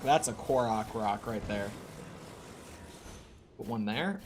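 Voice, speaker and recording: A man's voice: fairly low pitch, slow, music in the background. A young man streaming a video game, talking to himself in a casual, rambling way with frequent restarts. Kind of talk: casual gameplay commentary.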